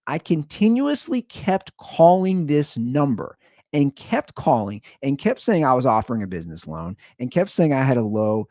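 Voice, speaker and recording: A man hosting his own podcast, telling stories in an animated, profane rant that swings between loud outbursts and low asides. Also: moderate pace, no room sound, clean studio sound. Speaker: podcast host. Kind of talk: ranting comedic storytelling.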